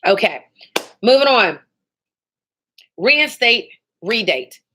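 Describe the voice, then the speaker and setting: A woman's voice: mid-range voice, sing-song, takes it slowly, sharp tone, a little hiss or hum. A woman running a live training session for sales agents, upbeat and motivational, often checking in with "okay?" and "right?".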